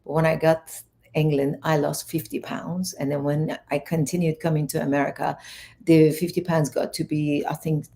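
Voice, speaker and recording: A low, gravelly woman from Iran tells her story as an interview guest. Her voice is dark and mellow. She rambles, restarts and acts out the people she quotes. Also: moderate pace. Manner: rambling, animated retelling with many restarts. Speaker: guest, fitness and wellness coach.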